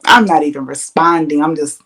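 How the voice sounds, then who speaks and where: A woman hosting a podcast, telling a story in a casual, animated and profane way, laughing often. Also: deep voice, brisk. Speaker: podcast host.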